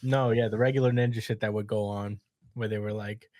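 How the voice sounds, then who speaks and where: A man's voice: on the low side, steady tone, fairly quick, mellow, no room sound, studio quality. A man hosting a podcast in casual chat, retelling scenes with easy laughs. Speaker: podcast host.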